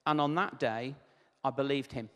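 A man's voice: medium pitch, fairly even intonation, normal speed, in a large hall. A man preaching a sermon, telling a personal testimony in a conversational, storytelling way with asides.

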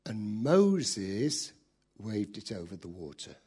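A man preaching a sermon in a lively, animated storytelling way, acting out voices as he goes. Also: fairly low pitch, takes it slowly, husky.

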